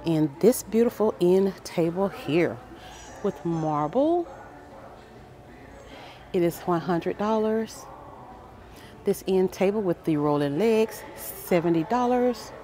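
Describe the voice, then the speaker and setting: A woman with a lowish, mellow voice walks through a large furniture store with her phone, excitedly reading out sale prices. She chats with her viewers the whole way, gushing over the bargains. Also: takes it slowly, long pauses. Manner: excited, reads prices aloud, addresses viewers as guys. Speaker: shopping vlogger. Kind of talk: casual store walkthrough.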